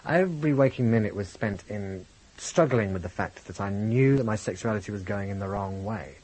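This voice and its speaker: Husky posh-voiced English man. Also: fairly low pitch, fairly quick, poor audio. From England, grew up in Birmingham. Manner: reflective, animated storyteller, lifts voice for quotes. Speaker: guest, comedian and impressionist. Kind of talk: candid interview chat.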